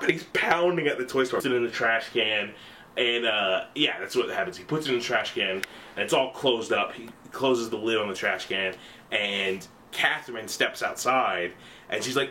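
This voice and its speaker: Young man, casual story recap, animated, profane, rambling, lively pitch. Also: moderate pace.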